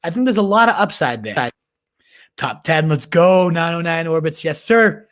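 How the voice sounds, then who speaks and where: A man's voice: fairly high pitch, big pitch swings, normal speed, a bit bright. Hyped man hosting a fantasy sports livestream. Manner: hyped, slangy, calls viewers "baby" and "my dude"; restarts and repeats words while thinking aloud. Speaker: fantasy football livestream host. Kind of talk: casual live Q&A chat.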